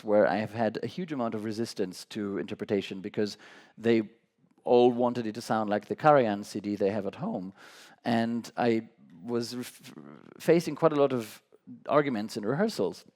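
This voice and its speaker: Fast, passionate man, stumbling restarts. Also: on the low side, a little mellow. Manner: talks too fast, admits it. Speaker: conductor. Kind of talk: public conversation on stage. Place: academy meeting hall.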